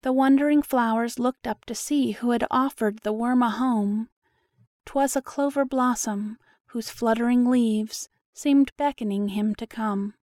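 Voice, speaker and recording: Woman narrator reading a poem, slow and steady, fairly high voice, dry close sound. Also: no echo. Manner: slow, even, measured recital. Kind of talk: reading a story poem aloud.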